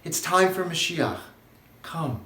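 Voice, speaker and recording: A man voicing a gentle old male prophet who softly and tenderly calls his people home. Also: on the high side, sing-song, slow, full character voice. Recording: roomy echo, faint music.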